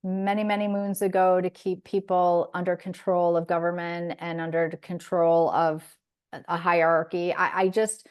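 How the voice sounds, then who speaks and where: A woman hosts a podcast in relaxed conversation, her voice sitting on the low side. She talks in an earnest, reflective way and often breaks off and restarts her sentences. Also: moderate pace, clear, resonant tone. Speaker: podcast host. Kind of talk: casual chat.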